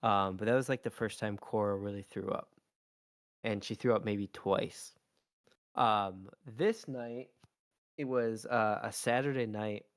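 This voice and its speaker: A man's voice: fairly low pitch, steady tone, measured pace, dry recording, clean studio sound. A man co-hosting a podcast, telling a long family story in casual chat with lots of ums and likes. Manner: rambling storyteller, many fillers. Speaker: podcast co-host, father.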